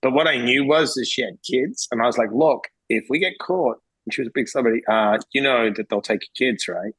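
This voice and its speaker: A middle-aged man from Western Australia, an interventionist guest telling blunt, animated stories in a casual interview. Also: fairly quick, breathy edge, no echo, low-quality recording. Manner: blunt, animated, swings pitch when quoting himself.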